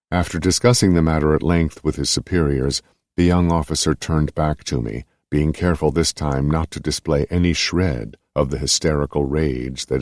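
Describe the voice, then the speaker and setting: A man narrating an audiobook memoir in a measured, deliberate way. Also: rumbling low, a little mellow, dry recording, studio quality.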